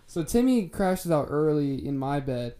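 A man's voice: fairly high pitch, sing-song, a little slow, a crowd in the background. A young man casually telling a long story to friends, laid-back and swearing freely with plenty of "like" fillers. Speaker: podcast co-host telling a story.

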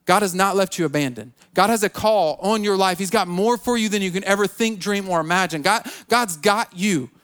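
A man's voice: sits high, fairly quick, hardly any pauses, a bit bright, smooth. A man preaching a sermon as a pastor, repeating himself and restarting his phrases, acting out people's excuses. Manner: repetitive, stammering restarts, acts out quoted excuses.

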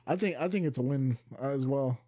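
A man's voice: mid-range voice, normal speed, dark tone. A man co-hosting a podcast, chatting casually, swearing freely and bringing up each new topic. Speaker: podcast co-host. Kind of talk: casual chat.

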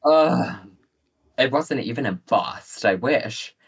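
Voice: mid-range voice, animated, slow pace, vocal fry, breathy edge, low-quality recording. A podcast co-host in casual chat, reading out film reviews, giggling often and trailing off with fillers.

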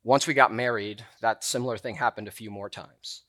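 A man's voice: fairly low pitch, fairly even intonation, a little fast, fairly bright tone. A young man preaching a sermon in a church room, telling a personal story in a casual, chatty way full of filler words.

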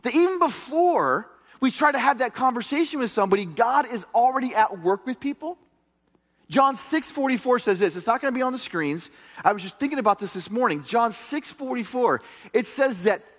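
A middle-aged man preaching a sermon as pastor, telling stories in an animated way that swings from hushed to loud. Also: extremely high pitch. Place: church hall. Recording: long hall reverb.

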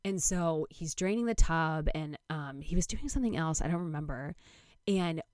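A woman's voice: low voice, animated, moderate pace, a little mellow, dry recording, clean studio sound. A young woman casually telling a personal story, candid and swearing freely, with lots of fillers.

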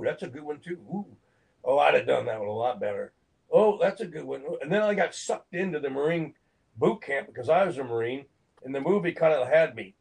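Older guy, lively storyteller who acts out every quote, plain mid-pitched voice. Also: gravelly, husky, low-quality recording. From Phoenix, Arizona, USA. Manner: animated, acts out quotes, laughs between lines. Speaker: actor and guest. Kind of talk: anecdotal storytelling in an interview.

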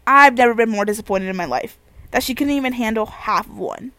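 A young woman chats to camera in a lively, slangy way, dropping casual swear words as she tells a story. Her voice sits on the higher side. The sound is dry, with no room echo. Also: brisk. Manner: animated, slangy, swears freely. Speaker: vlogger.

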